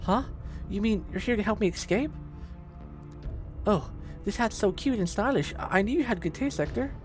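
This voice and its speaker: A man's voice: high-pitched, animated, normal speed, soft background music, pitched above the performer's own voice. A man voicing an earnest young fairy girl. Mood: surprised. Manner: pleading, earnest. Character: earnest young fairy woman, gentle and stubborn.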